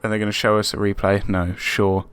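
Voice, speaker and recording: A man hosting his own gaming channel, commentating a football management game casually, excitable and prone to yelling at his players. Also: on the low side, a little fast, clean tone. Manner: excitable, shouting at players, swings between frustration and resignation. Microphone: webcam microphone.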